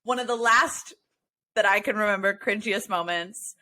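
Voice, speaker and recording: Animated, giggly woman co-hosting a podcast. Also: mid-range voice, normal speed. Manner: animated, laughs a lot, wheezing with laughter. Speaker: podcast co-host. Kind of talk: casual chat.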